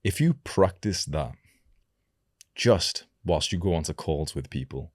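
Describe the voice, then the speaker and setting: A young man coaching viewers, talking slowly and deliberately and lowering the end of each sentence. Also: animated, no room sound, clean studio sound. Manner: slow, deliberate delivery with lowered sentence endings. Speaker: self-improvement coach. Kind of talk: advice talk to camera.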